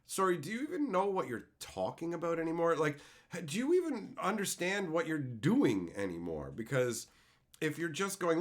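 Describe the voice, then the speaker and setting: A young man from Canada, a streamer, ranting with heavy swearing and mocking, loud put-on voices. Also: a little high, very animated, moderate pace. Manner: profane, mocking, swings into loud sneering impressions. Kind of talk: ranting commentary.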